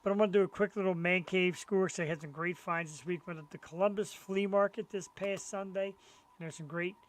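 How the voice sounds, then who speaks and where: A man's voice: sits high, steady tone, a little fast. A middle-aged man co-hosting a live web show, chatting enthusiastically about his collectibles. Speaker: co-host. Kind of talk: casual live-show chat.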